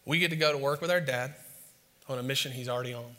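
A man from the States, preaching a sermon as an animated, self-mocking storyteller before a live audience. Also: medium pitch, fast talker, in a large hall. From Southern United States.

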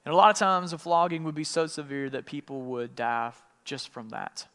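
Male pastor, casual sermon delivery with voiced-out quotes, slightly high voice, big hall reverb. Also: moderate pace, clear, resonant tone. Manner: retells scripture in casual paraphrase, with lively voiced quotes.

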